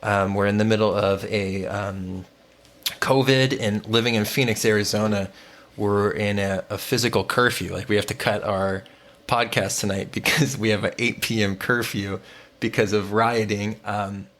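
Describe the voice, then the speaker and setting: A man co-hosting a podcast, talking in an earnest, reflective way with fillers and pauses. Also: fairly low pitch, steady tone, fairly bright tone. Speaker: podcast co-host. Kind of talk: conversational podcast talk. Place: home in the US Southwest.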